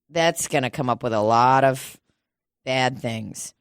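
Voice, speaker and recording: A woman co-hosting a casual podcast chat, telling profane, animated stories and acting out the people in them. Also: very deep voice, a little slow, clean tone, dry recording, studio quality. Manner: profane, animated storytelling with acted-out quotes. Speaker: podcast co-host.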